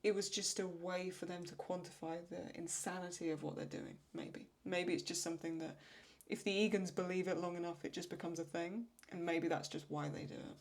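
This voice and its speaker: A woman answers viewer questions in a loose, conversational way. Her voice sits a little low, and she often restarts sentences as she works out her thoughts. She laughs as she retells lines that amused her. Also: steady tone, fairly quick. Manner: thinks aloud with restarts, laughs when retelling funny lines. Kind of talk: casual Q&A chat.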